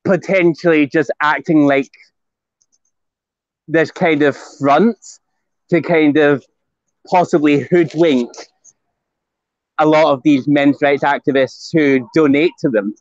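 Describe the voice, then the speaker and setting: Hesitant Scottish man, slightly high voice. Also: fairly even intonation, slow, pauses often, dry recording, lo-fi sound. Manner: hesitant, many fillers and restarts. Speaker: guest. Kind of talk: casual online chat. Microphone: phone.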